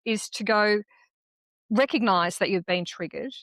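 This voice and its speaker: A woman speaks in a calm, reflective way as a podcast co-host. Her voice sits at a medium pitch. The sound is dry and close. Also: a little slow, no room sound. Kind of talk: casual chat.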